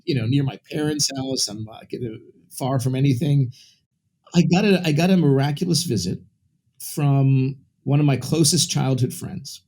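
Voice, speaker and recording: A man's voice: medium pitch, darkish tone. A man from Brooklyn, a guest in an interview, telling a personal story in a candid, rambling way with many restarts and asides. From Brooklyn, New York.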